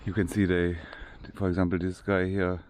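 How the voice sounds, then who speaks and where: A man's voice: low voice, little pitch movement, moderate pace, darkish tone, slight background noise. A man with a German accent narrating a casual walking tour outdoors, often restarting his sentences as he searches for English words. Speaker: vlogger. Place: outdoor cemetery.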